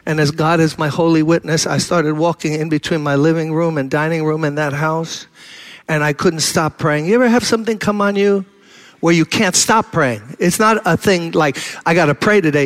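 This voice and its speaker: An older pastor tells a story from the pulpit in a gravelly voice that sits a bit high for a man. He acts out each person's lines and builds to fervent, urgent peaks. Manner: animated storyteller acting out dialogue, rising to fervent intensity. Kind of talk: storytelling sermon.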